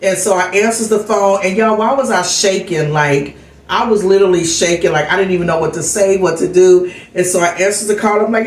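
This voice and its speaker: Middle-aged woman vlogger, chatty and open storyteller, mid-pitched voice, echoey room. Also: moderate pace. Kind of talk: casual chat vlog.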